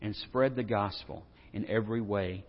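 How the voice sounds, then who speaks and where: A man preaching a sermon as pastor, conversational with humorous asides, swinging from quiet stretches to loud bursts. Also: lowish voice, moderate pace, dull audio.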